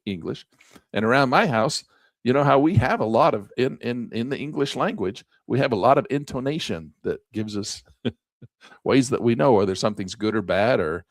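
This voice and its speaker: A man's voice: fairly low pitch, creaky, dry recording, studio quality. A man teaching a screen-share trading lesson in a folksy, chatty way, often repeating himself. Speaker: trading instructor.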